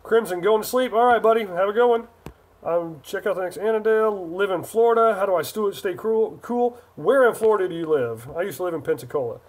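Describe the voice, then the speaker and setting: A man's voice: high-pitched, expressive, a little fast. A man from Northern California hosting a casual livestream, rambling and reading viewer chat aloud as he answers. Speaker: livestream host.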